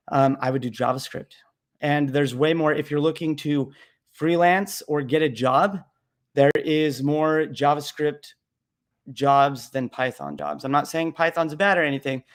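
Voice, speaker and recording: Blunt joking man hosting a coding Q&A. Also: on the high side. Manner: blunt, joking, rambling with fillers. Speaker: livestream host answering coding questions. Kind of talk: casual live Q&A.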